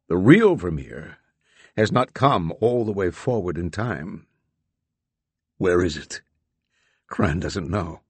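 A man narrating a literary science fiction audiobook in a measured, deliberate reading with dramatic emphasis. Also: fairly low pitch, breathy edge, dry recording.

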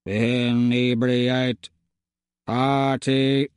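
A man voicing a pompous male robot guard who buzzes his words out slowly and stiffly. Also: mid-range voice, level tone, smooth, no room sound, clean studio sound, pitched below the performer's own voice. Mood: flat. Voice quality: buzzing, mechanical.

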